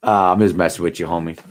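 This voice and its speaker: A man's voice: low voice, slight background noise. A man, hosting a casual live stream and reading out viewer comments in laid-back, slangy banter. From Buffalo, New York. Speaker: livestream host reading chat.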